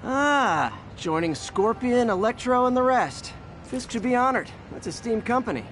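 A man's voice: extremely high pitch, lively intonation, normal speed, fairly bright tone, a little hiss or hum. An actor playing a wry, joking young male superhero.

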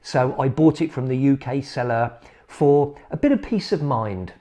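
A man's voice: medium pitch, moderate pace, dark tone. A man chatting casually as he reviews a watch, rambling and poking fun at himself with small laughs. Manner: rambling, self-deprecating, chuckles at himself. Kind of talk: casual chat.

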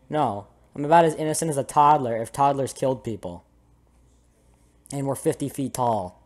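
A man's voice: mid-range voice, moderate pace, darkish tone. A young man doing comedic commentary over a video game, goofy and jokey with sudden dramatic outbursts. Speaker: gameplay commentator. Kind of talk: comedic let's play commentary.

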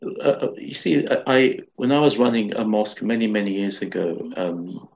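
A man's voice: lowish voice, animated, normal speed, vocal fry, lo-fi sound, a little hiss or hum. A man, an imam guest talking earnestly in a conversational interview, often restarting his words.

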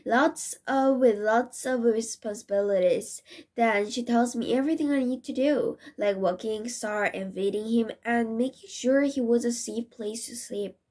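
A young woman with a somewhat high voice reads a children's picture book aloud. She reads expressively, fixing small slips as she goes. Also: darkish tone. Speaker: storybook reader.

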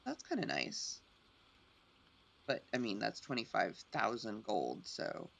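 A woman gives casual, excitable commentary while she plays a game. She is chatty and quick to poke fun at herself. Her voice has a gravelly edge, and her pitch swings widely. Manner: chatty, self-deprecating, excitable. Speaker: streamer.

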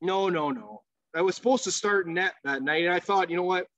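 A man's voice: sits high, a little fast, no echo, muffled recording. A man, a former pro hockey player, telling swearing, laughing stories as a podcast guest. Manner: animated, profane, laughs while telling stories. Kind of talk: casual storytelling.

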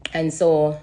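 A woman with a Jamaican accent giving an emotional live-stream testimony, halting and repeating herself as she holds back tears. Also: low-pitched, darkish tone, breathy edge. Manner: halting and repetitive, pausing to hold back tears. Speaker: livestreamer sharing a testimony.

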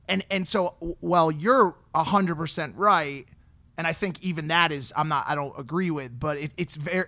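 A thoughtful man co-hosting a podcast, talking in a measured, careful way that softens his points. His voice is bright and a little high, recorded dry and close. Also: no echo. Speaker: podcast co-host. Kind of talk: casual podcast chat.

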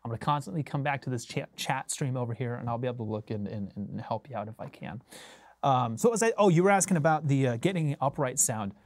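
A man hosting a bass-playing livestream from a recording studio, talking casually with viewers in a laid-back, rambling way and chuckling often. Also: lively intonation, fast, a little mellow.

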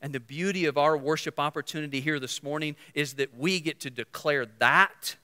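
A male pastor preaching a sermon, swinging from loud to hushed and leading the congregation in call-and-response. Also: a little high, moderate pace, hardly any pauses, smooth. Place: church sanctuary. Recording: long church hall reverb.

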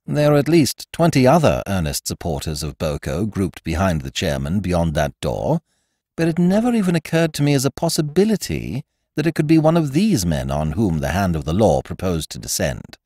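Male storyteller, very animated pitch, dry dead room, wry expressive reading. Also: moderate pace, no room sound. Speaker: audiobook narrator and podcast host. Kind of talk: scripted storybook narration.

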